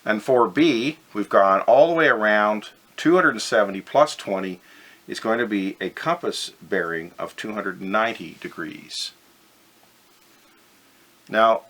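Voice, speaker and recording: A man's voice: on the low side, fairly bright tone. A man teaching a physics lesson over slides, methodical and step by step, stressing the key words.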